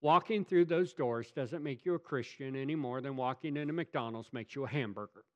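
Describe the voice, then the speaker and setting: A pastor delivering a sermon, emphatic and swinging from loud to hushed, asking rhetorical questions of the congregation. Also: male voice, mid-range voice, fairly quick, muffled recording.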